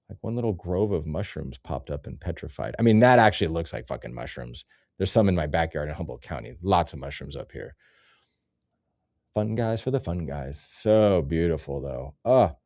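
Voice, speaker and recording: A deep, gravelly man rambles through nature photos in a loose, profane comedic commentary, wandering off topic as he goes. His voice is dark and relaxed but swings lively up and down. The sound is close and dry, with no room around it. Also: dry recording. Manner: loose, profane, easily sidetracked, bursts into sing-song. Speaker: host.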